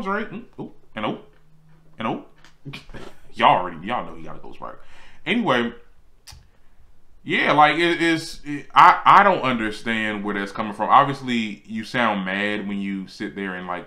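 A man hosting his own celebrity gossip show, chatting casually and sassily, jumping up in pitch to make a point. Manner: animated and sassy, swings high for emphasis. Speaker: host.

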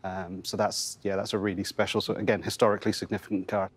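A man's voice: low voice, level tone, quick pace, slightly rough. A man who runs a car museum, answering interview questions in a hesitant, friendly way. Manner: hesitant, many restarts, friendly.

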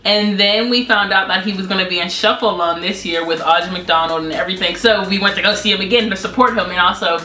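Young woman, casual vlog chat, halting and quick, mid pitch, echoey room, faint music. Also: fairly even intonation, sharp tone. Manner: quick, halting, self-conscious talk. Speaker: vlogger.

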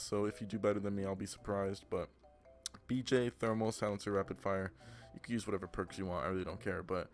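Low-voiced young man ranting over gameplay. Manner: profane, ranting, trash-talking. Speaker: gaming channel host. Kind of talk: gameplay commentary.

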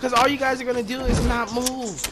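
A young man joking, swearing and yelling as he comments on a game with friends over a headset. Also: very high-pitched, a little fast. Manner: excitable, joking, swears, yells when excited. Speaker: gamer streaming with friends. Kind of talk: casual gameplay commentary. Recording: noisy game chat audio.

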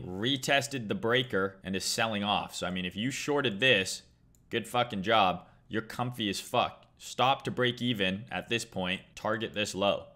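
A man's voice: medium pitch, sharp tone. A man casually running a crypto trading live stream, breaking down charts, swearing freely and joking with chat, wired on coffee. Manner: profane, joking, reads chat aloud. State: hyped on caffeine.

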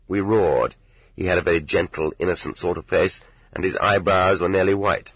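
Deep, husky male audiobook narrator. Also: no echo. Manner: measured, even reading. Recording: dull lo-fi tape, dry.

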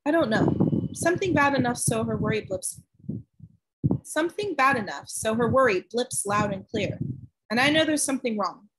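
A woman reading aloud, voicing a small, frail boy who talks quietly and earnestly and is short of breath. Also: on the high side, expressive, moderate pace, husky, low-quality recording.

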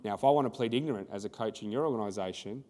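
A man's voice: lowish voice, rapid-fire, dark tone, in a large hall. An Australian man presenting a conference workshop in a conversational style, telling anecdotes and acting out the dialogue.

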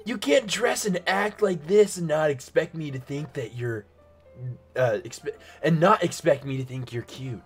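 A man's voice: a little high, a little slow, breathy edge, soft background music. A man reading a visual novel's easygoing male student hero aloud, in a plain, casual, teasing voice.

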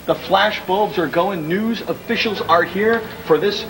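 Hosting a wrestling show, a man reads brash, sarcastic mock commercials and comedy bits in a pitchman's style. His pace is unhurried, and there's noise in the background.

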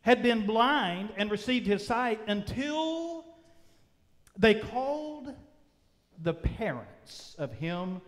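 A male pastor preaching a sermon, with emphatic drawn-out phrases that swing between loud and soft. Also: sits high, sing-song. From United States. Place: church sanctuary. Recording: long reverb of a church sanctuary.

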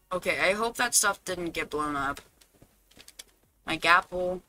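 Bright-voiced man streaming a game. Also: high voice, lively intonation, unhurried, faint music behind. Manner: chatty, fretting aloud, bursting into loud dramatic cries. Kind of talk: casual gameplay commentary on a live stream.

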